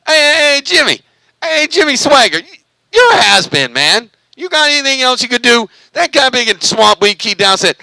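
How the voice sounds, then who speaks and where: Hyped high-voiced man. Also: big pitch swings, moderate pace, gravelly, bright, forceful tone, no room sound, rough recording. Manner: hyped, repetitive, cheerleading chants. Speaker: CB radio vlogger. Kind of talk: excited CB radio banter.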